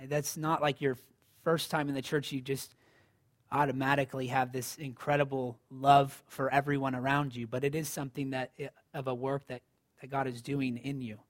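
A man's voice: medium pitch, level tone, normal speed. A man preaching a sermon in a conversational style, rising to emphatic lines. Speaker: pastor.

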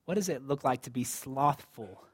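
A man's voice: medium pitch, moderate pace, breathy edge. A man preaching a sermon in a conversational style, rising to emphatic lines. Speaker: pastor.

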